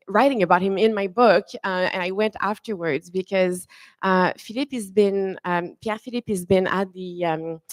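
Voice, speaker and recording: A woman moderating a conference panel, chatty and warm to her guests, with many fillers and restarts. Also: medium pitch, moderate pace, no echo. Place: conference room.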